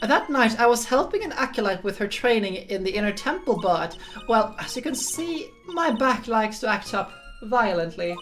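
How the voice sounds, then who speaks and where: A woman's voice: on the high side, sing-song, normal speed, hardly any pauses, a bit bright, soft background music, voice pushed up. Woman putting on a hearty older nun. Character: chatty older nun with a bad back, jolly and teasing. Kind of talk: dramatic reading of game dialogue.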